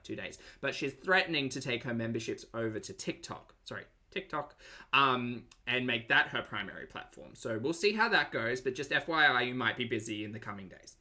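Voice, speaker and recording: An Australian-accented man hosts a live-stream reaction for his commentary channel, reading out viewer messages in a chatty, sarcastic way. His medium-pitched voice is bright and forceful.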